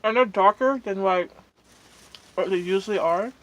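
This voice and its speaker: A woman's voice: mid-range voice, moderate pace, fairly bright tone. A woman vlogger chatting casually while eating, rambling and venting with lots of fillers and pleased hums between bites. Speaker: mukbang vlogger.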